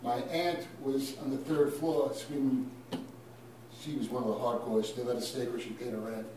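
A man from Brooklyn telling a story in an emphatic, punchy way, building to loud peaks. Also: medium pitch, level tone, moderate pace. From Brooklyn, New York. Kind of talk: animated storytelling. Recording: very echoey room, mic far off, faint noise.

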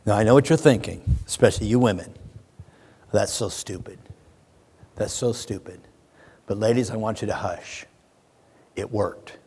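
A pastor preaching a sermon to his congregation. He tells a story and addresses his listeners directly, moving between hushed passages and booming ones. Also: slightly rough. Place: church sanctuary. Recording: long hall reverb.

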